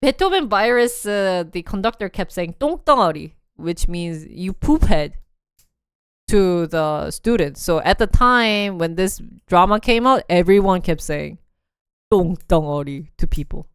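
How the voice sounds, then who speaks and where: Young woman, lively livestream chat, smooth clear voice, dry close sound, bouncy delivery. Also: mid-range voice, measured pace, no room sound. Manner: animated, laughs often, acts out scenes in voices. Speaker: live streamer.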